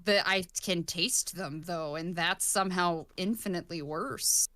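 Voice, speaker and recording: Woman guest on a podcast call, dry teasing jokes, swears a lot, smooth voice. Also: on the low side, a little slow, bright, forceful tone, no room sound. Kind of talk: casual chat.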